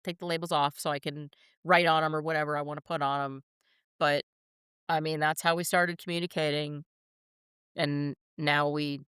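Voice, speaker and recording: A woman in her fifties with a slight New Jersey accent chats on a podcast, blunt, laughing often and swearing freely. Her voice is smooth and clear, recorded dry and close with no room sound. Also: low voice, little pitch movement, normal speed, a bit bright, no room sound. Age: 50s. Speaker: podcast co-host. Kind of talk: casual chat.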